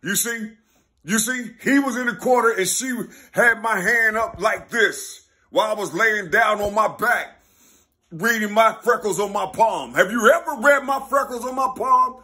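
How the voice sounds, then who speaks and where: A man talking in a rambling, casual monologue, full of street slang and constant "you see?" checks, now and then laughing or bursting out loud. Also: sits high, normal speed. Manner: street slang, repeats "you see?" and "you know what I'm saying?"; excitable, mixes laughs and sudden loud bursts.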